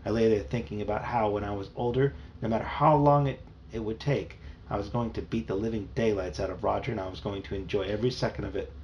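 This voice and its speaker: A man's voice: lowish voice, fairly even intonation, fast, a little mellow. A man reading a children's novel aloud in a plain storytelling manner, with a few small slips. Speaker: reader. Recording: muffled home recording, faint hiss.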